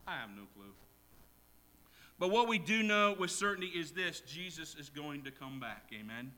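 A man preaching a sermon in a church, swinging from quiet asides to loud shouted quotes. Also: a little high, big pitch swings, normal speed. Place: church with congregation.

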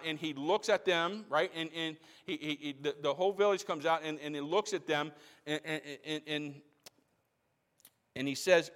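Man, pastor, high voice, sermon, repeats phrases, long hall reverb. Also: moderate pace, fairly bright tone. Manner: preaching with rising intensity and repeated phrases.

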